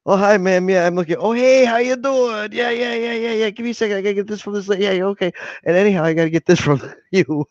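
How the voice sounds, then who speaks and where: A man mimicking a chatty, excitable man rambling breathlessly as he goes about an errand. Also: sits high, fast, no echo, pitched above the performer's own voice, natural voice. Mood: excited chatter. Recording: dull dry home mic.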